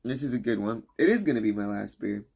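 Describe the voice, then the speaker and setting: Gravelly, rambling young male streamer. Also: fairly low pitch, animated, fast, a little mellow. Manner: loose, rambling and profane, laughs often. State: drinking beer. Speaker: livestream host. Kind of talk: casual stream chat.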